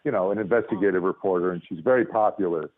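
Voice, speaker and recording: A man, a lawyer and comedian, telling animated stories as a guest on a phone call, acting out other people's voices. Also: deep voice, quick pace. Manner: lively, acts out voices, restarts often. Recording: tinny phone line.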